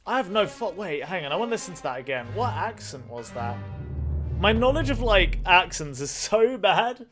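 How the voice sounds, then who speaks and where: A man's voice: high-pitched, very animated, normal speed, fairly bright tone, soft background music. A man commenting on a mystery game as he plays, thinking aloud and swearing freely. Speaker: let's play host. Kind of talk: gaming commentary.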